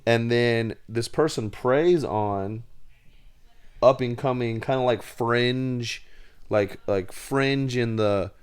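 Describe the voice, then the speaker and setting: A man's voice: medium pitch, takes it slowly, smooth. A man hosting a podcast, casually explaining a story to viewers with many fillers. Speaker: podcast host. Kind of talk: casual chat.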